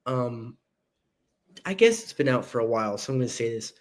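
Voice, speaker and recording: A man co-hosting a casual movie podcast, bantering playfully with boastful jokes and quick asides. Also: medium pitch, animated. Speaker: podcast co-host.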